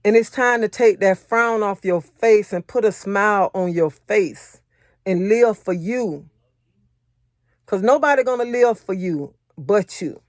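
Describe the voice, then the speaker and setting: A woman's voice: mid-range voice, a little slow, no echo, studio quality. A married woman giving a motivational faith talk, repeating her points earnestly and sharing her own testimony in casual speech. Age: adult, married. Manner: repetitive, earnest, conversational preaching; personal testimony in casual vernacular. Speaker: faith encourager.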